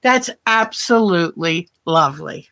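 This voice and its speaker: Woman, livestream quilting host, unhurried delivery, crisp bright tone, chatty and self-interrupting. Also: fairly low pitch, lively intonation. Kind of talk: casual livestream chat and demonstration.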